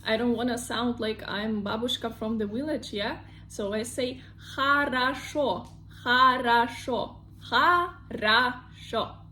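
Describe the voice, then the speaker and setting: A woman with a Russian accent teaching pronunciation in an online lesson, explaining slowly and drawing out each example word. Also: on the high side, steady tone, a little hiss or hum. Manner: slow, careful explanations with drawn-out model words.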